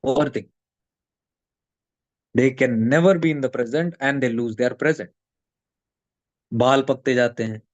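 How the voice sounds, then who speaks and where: A man's voice: medium pitch, fairly quick, pauses often, dry recording. Man telling stories in a dry voice. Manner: storytelling, acting out quoted friends, mixing Hindi into English. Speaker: spiritual teacher. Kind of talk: casual spiritual talk. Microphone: streamed call audio.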